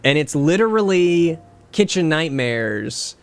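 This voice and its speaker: Male streamer, relaxed rambling talk with cursing and laughs, a bit of fry in a higher-than-average voice. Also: takes it slowly. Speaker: game streamer. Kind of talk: casual live-stream chat over gameplay.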